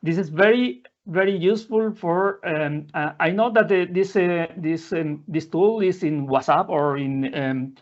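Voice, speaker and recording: A man presenting a live software demo in non-native English, halting often with fillers and restarting his sentences. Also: on the high side. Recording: dull lo-fi audio.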